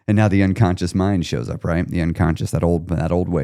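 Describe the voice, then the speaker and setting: A man hosting a podcast in a casual, animated monologue who acts out little scenes in a playful way. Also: lowish voice, brisk, few pauses. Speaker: podcast host.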